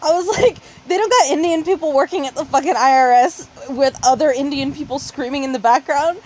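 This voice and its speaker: A woman's voice: high voice, a little fast, a little mellow, a little hiss or hum. A woman co-hosting a podcast in casual chat, swearing freely, laughing often and acting out the people in her stories. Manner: profane, laughing storyteller who acts out voices. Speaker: podcast co-host.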